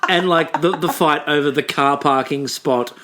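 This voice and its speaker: An Australian man co-hosts a casual podcast, chatting and frequently joking and laughing. His voice is on the high side and fairly bright, at a normal speed, with a little hiss or hum in the recording.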